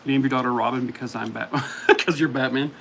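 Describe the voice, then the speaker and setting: A man's voice: mid-range voice, steady tone, fairly quick, gravelly, fairly bright tone, slight background noise, poor audio. Chatty man streaming from home. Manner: chatty, coos at his dog. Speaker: streamer host. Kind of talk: casual live-stream chat.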